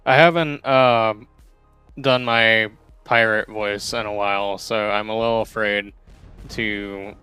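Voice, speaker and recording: A man's voice: fairly low pitch, sharp tone. Chatty male streamer over game music. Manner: chatty, rambling, self-deprecating. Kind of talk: casual gameplay commentary.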